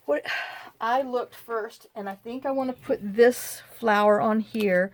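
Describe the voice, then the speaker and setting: A woman's voice: mid-range voice, fairly even intonation, slow pace, a little hiss or hum. A middle-aged woman, chatting folksily with her viewers while she glues and trims a craft project at home, often talking to herself as she works. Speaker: craft vlogger. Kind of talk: casual chat while crafting.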